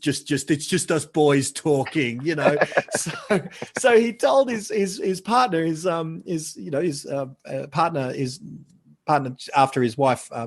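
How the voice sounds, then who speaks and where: A middle-aged man spins stories on a podcast with lively enthusiasm, his voice pitched somewhat high for a man. He often stumbles and repeats words as he rushes to get the story out. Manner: animated, chatty, repeats words when excited. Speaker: podcast guest. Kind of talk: casual storytelling chat.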